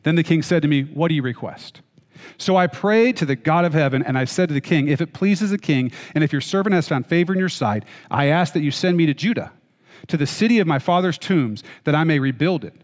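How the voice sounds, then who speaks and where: Male pastor, slightly higher voice, preaching in a chatty, joking way; echoing hall. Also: animated, quick pace. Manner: conversational, joking asides, checks in with listeners. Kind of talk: sermon. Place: church hall.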